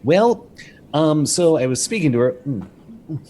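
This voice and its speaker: A man's voice: on the high side, sing-song, normal speed, warm tone, a little hiss or hum, pitched above the performer's own voice. A man doing a chatty gnome with his mouth full. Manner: mouth full, rambling and eager. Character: hungry chatty male gnome adventurer.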